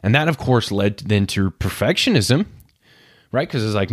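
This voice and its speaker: Candid man in his thirties, lowish. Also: expressive, moderate pace, no echo, clean studio sound. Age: 30s. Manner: candid, self-searching, acts out inner voices. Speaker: podcast host. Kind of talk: personal reflective monologue.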